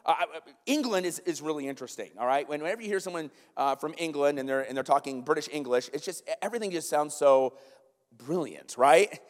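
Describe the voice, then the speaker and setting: An American man preaching a sermon as pastor, lively and conversational, checking in with the congregation with frequent asides. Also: a little high, fast talker, few pauses. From United States. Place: church sanctuary. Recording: long hall reverb in a sanctuary.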